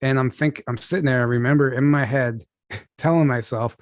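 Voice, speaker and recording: A young adult man telling a personal story as an interview guest over a video call, casual and halting, full of restarts and "like". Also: medium pitch, steady tone, no room sound.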